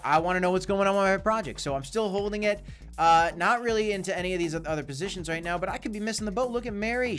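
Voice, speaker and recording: A man's voice: sits high, fairly bright tone. Hyped man hosting a crypto livestream. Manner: casual and hyped, keeps saying "guys". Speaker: crypto channel host. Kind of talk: livestream commentary and Q&A.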